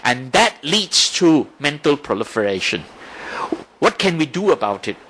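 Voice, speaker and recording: A man's voice: a little high, big pitch swings, normal speed, fairly bright tone, a little hiss or hum. A man giving a Buddhist dharma talk, explaining step by step and often checking in with "right?". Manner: explanatory, asks rhetorical questions, frequent "right?". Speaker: Buddhist teacher.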